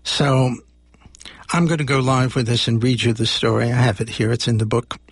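A man's voice: medium pitch, fairly even intonation, moderate pace, husky. A man hosting a radio show, reading a children's story aloud with voiced characters. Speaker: radio host.

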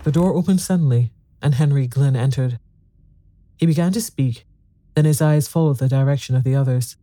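A narrator reading a ghost story aloud in a measured storytelling manner. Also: medium pitch, dark tone.

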